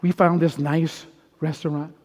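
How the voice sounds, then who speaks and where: A middle-aged man preaching a storytelling sermon as a pastor, swinging from hushed tones to loud peaks. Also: a little high, level tone, a little slow. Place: large church hall. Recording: long hall reverb with faint piano. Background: soft piano.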